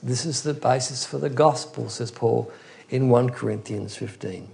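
A man's voice: medium pitch, moderate pace, gravelly, darkish tone. A man preaching an expository Bible teaching in an earnest, emphatic way, often restarting his phrases.

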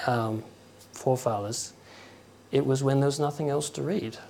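Man, conversational preacher, halting delivery, acts out stories. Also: mid-range voice, steady tone, creaky, a little mellow, a little hiss or hum. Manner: conversational, halting, with chuckles and acted quotes. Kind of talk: informal sermon.

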